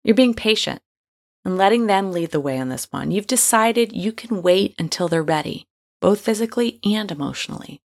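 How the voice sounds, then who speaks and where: A woman's voice: mid-range voice, expressive, normal speed, vocal fry. A woman hosting a talk show who gives frank, playful advice in a scripted monologue with casual slang.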